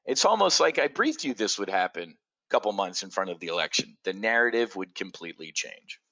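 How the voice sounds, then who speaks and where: A middle-aged man from the United States hosting a trading show, ranting sarcastically with profanity, swinging from loud outbursts to low mutters. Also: big pitch swings, fairly quick. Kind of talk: ranting market commentary.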